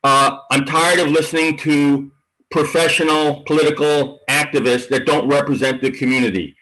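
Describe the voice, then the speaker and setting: Argumentative guy calling in, kinda high voice, pushing back hard. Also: fairly even intonation, normal speed, sharp tone, poor audio. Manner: combative, argumentative. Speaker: public commenter. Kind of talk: public comment.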